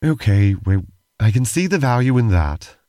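A man's voice: medium pitch, big pitch swings, normal speed, warm tone, no echo. A man co-hosting a podcast, dry and exasperated in playful banter. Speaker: podcast co-host. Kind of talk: playful role-play banter.

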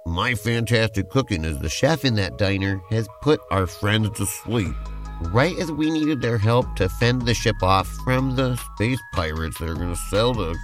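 A man hosting a podcast and narrating a playful tabletop-style role-play adventure as game master, in an easygoing, rambling way. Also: on the low side.

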